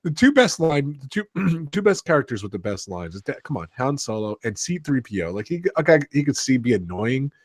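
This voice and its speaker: A man's voice: medium pitch, very animated, brisk, few pauses. A man as a guest in a casual movie review chat, enthusiastic and repeating himself.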